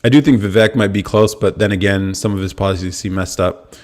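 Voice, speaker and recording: A young American man hosting a live podcast, telling a story in a casual, animated way and swearing freely. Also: deep voice, brisk. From United States. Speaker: podcast host. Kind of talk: casual livestream talk.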